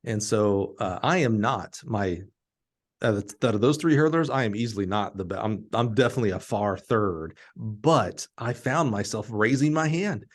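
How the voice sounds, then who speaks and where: A middle-aged man from Alabama, hosting a podcast and telling a story in an animated, laughing way. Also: fairly low pitch, normal speed. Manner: animated, laughing storyteller who acts out quotes. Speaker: podcast host.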